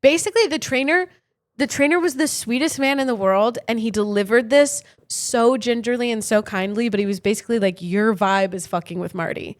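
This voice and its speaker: A woman's voice: on the high side, fairly quick. A woman co-hosting a podcast, telling stories in casual chat and acting out the quotes. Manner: animated, acts out quotes, breaks into silly sung bits. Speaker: podcast co-host.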